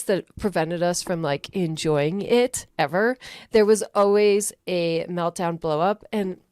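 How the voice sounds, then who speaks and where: A woman's voice: mid-range voice, clean tone, dry recording, clean studio sound. A young woman co-hosting a podcast, talking frankly and casually, laughing often and swearing freely. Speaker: podcast co-host. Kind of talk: casual chat.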